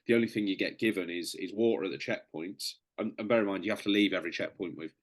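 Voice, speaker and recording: A man with a very deep voice tells a story on a podcast. He is chatty and relaxed, swears freely and keeps calling the host "mate". He speaks as a guest sharing an anecdote. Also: quick pace. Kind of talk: casual storytelling.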